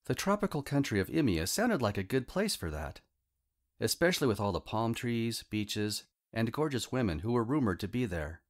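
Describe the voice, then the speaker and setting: A man's voice: medium pitch, sing-song, normal speed. A man narrating a comic fantasy audiobook in the first person, with a wry, humorous storytelling manner.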